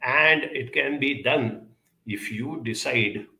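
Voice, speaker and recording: A man giving a measured, emphatic talk and answering audience questions, with many pauses and fillers. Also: medium pitch, gravelly, bright, forceful tone, roomy sound, rough recording. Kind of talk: live talk on emotional intelligence.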